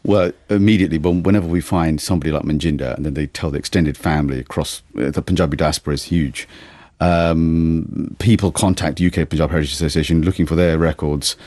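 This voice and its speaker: A man, a guest in a radio discussion, explaining in a measured way with some fillers. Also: a bass voice, steady tone, a little mellow, dry recording. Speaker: guest, heritage researcher.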